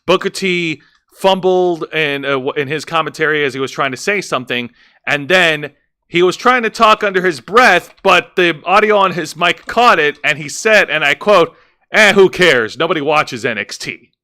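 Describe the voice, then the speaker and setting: A man co-hosts a casual wrestling review, his voice bright and sitting a little high for a man. He talks in an animated way, swears freely and restarts his sentences. When something riles him, his voice jumps sharply upward. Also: moderate pace, smooth. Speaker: podcast co-host.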